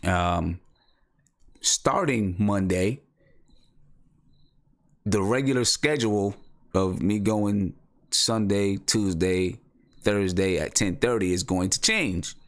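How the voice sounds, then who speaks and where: A man's voice: on the low side, slow, pauses often. A man hosting a casual live-stream show, talking loosely with many restarts and repeats. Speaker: podcast host.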